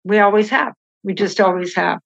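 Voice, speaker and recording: A middle-aged woman recounting her marriage with candid, animated storytelling, slipping into the voices of the people she quotes. Her voice sits at a middling pitch. The recording sounds a little dull and lo-fi. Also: moderate pace, vocal fry. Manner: animated, acts out quoted dialogue, laughs while telling. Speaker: podcast guest.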